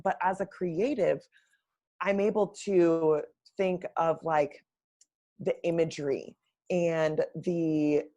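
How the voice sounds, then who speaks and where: A woman who works as a brand strategist, answering interview questions in a measured, explanatory way. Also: lowish voice, darkish tone. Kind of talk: casual live-stream interview.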